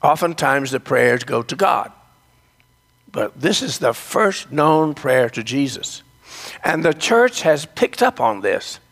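Male preacher, sermon, storytelling, slow delivery, gravelly, long church reverb. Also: mid-range voice, very animated, a bit bright. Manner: storytelling, addresses the congregation directly.

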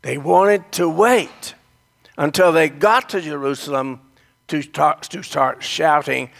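A male preacher tells a story at an unhurried pace and speaks directly to his listeners. His voice has a gravelly edge and sits a little high for a man. A long reverb hangs behind him in the church. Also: fairly bright tone. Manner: storytelling, addresses the congregation directly. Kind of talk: sermon.

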